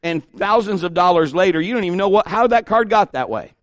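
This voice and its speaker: A middle-aged pastor preaching an animated sermon, acting out the people he quotes. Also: high-pitched, fast, no echo.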